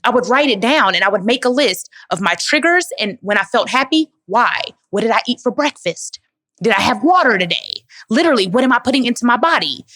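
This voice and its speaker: A woman's voice: on the high side, expressive, a little fast, a bit bright. A woman from Dallas, Texas, answering audience questions in an emphatic, preachy motivational way, calling listeners "baby.". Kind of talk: motivational live Q&A talk.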